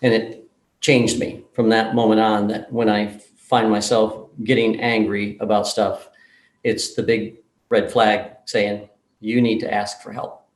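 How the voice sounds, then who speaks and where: A man giving a conference talk, telling a story in an animated way and acting out the dialogue. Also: lowish voice, a little slow. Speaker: conference speaker. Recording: roomy echo.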